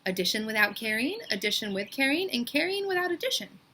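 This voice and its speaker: Woman doing a strict, brisk schoolteacher. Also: a little high, sing-song, bright, forceful tone, slight background noise, voice pushed up. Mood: stern.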